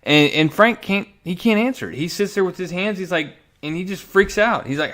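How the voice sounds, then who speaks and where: A man giving a casual, animated recap of a comic book story as a reviewer, often restarting his sentences. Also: a little high, normal speed.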